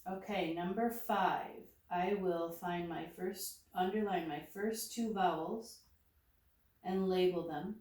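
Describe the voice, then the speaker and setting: Slow, methodical woman teacher in an echoey room. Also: on the low side, fairly even intonation, a little mellow, recorded from a distance. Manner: slow, methodical, talking through each step aloud. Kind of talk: step-by-step phonics lesson. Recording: echoey room, voice set back from the mic.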